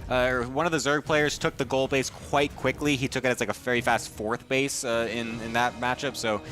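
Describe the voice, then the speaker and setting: A man casting a live esports match, energetic and chatty, laughing often. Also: mid-range voice, a little fast, faint music behind. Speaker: esports caster. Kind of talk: live game commentary.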